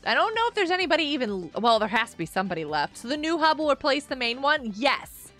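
Bright, excitable streamer woman. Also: sits high, fast, soft background music. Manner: excitable, gasping and exclaiming, talking to chat. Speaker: gaming streamer. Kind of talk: live gameplay commentary chatting with viewers.

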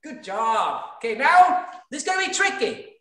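This martial arts instructor runs an online kung fu class for kids from a training studio, calling out short drill commands and counting reps. His voice is very high and bright with a forceful tone, big swings in pitch, and a moderate pace. The room is very echoey and he stands far from the mic.

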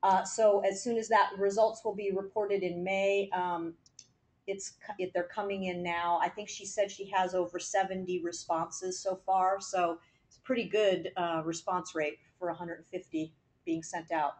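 A woman's voice: fairly low pitch, level tone, moderate pace, a little mellow, poor audio. A woman giving a staff update at a board meeting, with many fillers and restarts. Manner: rambling with many fillers, laughs easily.

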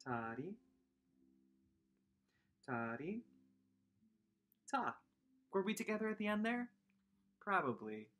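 A woman's voice: mid-range voice, very animated, moderate pace, pauses often, fairly bright tone. A woman music teacher giving a playful online lesson to young children, teasing them and chanting rhythm syllables.

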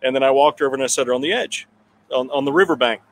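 A man's voice: medium pitch, racing, fairly bright tone. A man telling a long personal story at a town hall, rambling with restarts and chuckling now and then. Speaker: political candidate telling a story.

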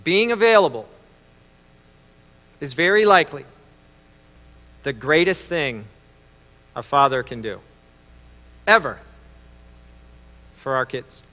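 Bright-voiced male preacher in a hall. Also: fairly high pitch, animated. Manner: storytelling, with reflective pauses. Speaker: pastor. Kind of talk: Father's Day sermon. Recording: long reverb in a large hall.

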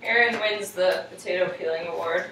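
A young American woman with a lowish voice cooks with friends in her home kitchen, trading sarcastic, playful jokes at every turn. The room echoes and there's background noise.

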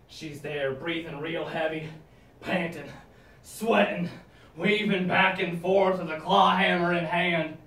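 A young man with a slightly high voice gives a dark dramatic monologue at a speech competition. He drops into hushed, low menace and then bursts into loud shouts. The sound is echoey and comes from well away from the mic. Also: slight background noise. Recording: echoey room, mic at a distance.

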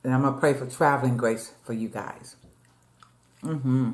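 A mukbang vlogger chats casually with her viewers, calling them "y'all" and eating between lines, in an echoey room. Her voice is a rumbling low one, fairly even in intonation, at a moderate pace.

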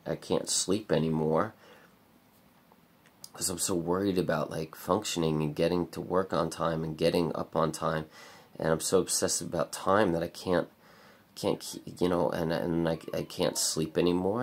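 Guy w a husky low voice ranting in a bleak vlog, rambly, swears a lot. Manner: bleak, rambling, heavy swearing and filler words. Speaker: vlogger. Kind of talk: confessional vlog monologue.

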